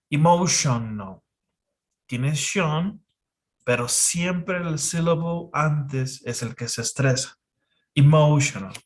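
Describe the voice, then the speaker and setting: A man teaching an English pronunciation lesson in a casual way, often checking in with "okay". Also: a little high. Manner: slow, relaxed explaining with frequent "okay".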